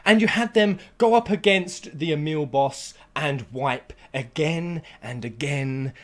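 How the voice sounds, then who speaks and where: Sweary, heated man ranting. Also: mid-range voice. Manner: heated and sweary, with bursts of shouting. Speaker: gaming vlogger. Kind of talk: angry rant to camera.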